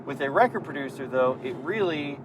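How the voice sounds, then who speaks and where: A man's voice: on the high side, lively intonation, brisk, noisy background. A man hosting a podcast, explaining in a casual, rambling way with plenty of fillers and restarts. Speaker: podcast host. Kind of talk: casual chat.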